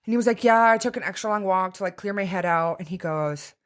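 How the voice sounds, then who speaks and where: A young woman co-hosting a podcast, telling a dating story in a candid, profane, animated way. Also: medium pitch, fast talker, clean tone. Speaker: podcast co-host. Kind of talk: casual chat, storytelling.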